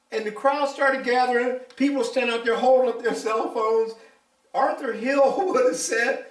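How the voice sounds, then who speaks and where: A man's voice: extremely high pitch, normal speed. An older man, a retired police officer giving his views in an interview, talking bluntly and emphatically. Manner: blunt, animated, emphatic storytelling. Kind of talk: casual interview talk. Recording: echoey room, mic at a distance.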